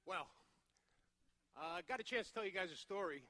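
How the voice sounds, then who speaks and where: Brooklyn guy in his 40s on stage telling his story, bright punchy voice, chatty with the crowd. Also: high-pitched, normal speed. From Brooklyn, New York. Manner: energetic, conversational, working the crowd. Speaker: motivational speaker. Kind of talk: personal story told on stage. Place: large event stage.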